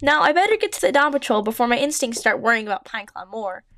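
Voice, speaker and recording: A woman voicing a caring young she-cat warrior in a read-aloud fan story, with soft, worried musing. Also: on the high side, big pitch swings, quick pace, no room sound, clean studio sound.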